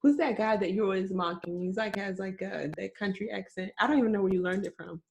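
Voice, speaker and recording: A woman's voice: medium pitch, quick pace, gravelly, a little mellow. Chatty laughing woman host. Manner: chatty, laughs easily, rambling. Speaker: podcast host. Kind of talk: casual podcast interview.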